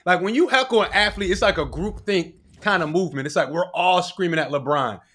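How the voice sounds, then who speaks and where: A man's voice: high-pitched, brisk, fairly bright tone. A man co-hosting a gossip talk show, emphatic and opinionated. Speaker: co-host. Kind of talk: casual gossip show chat.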